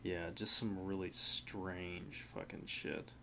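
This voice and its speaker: A man's voice: low voice, little pitch movement, takes it slowly, pushed and bright. A man co-hosting a casual chat, rambling and filling his sentences with "like". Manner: rambling, heavy use of filler "like". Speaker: podcast co-host.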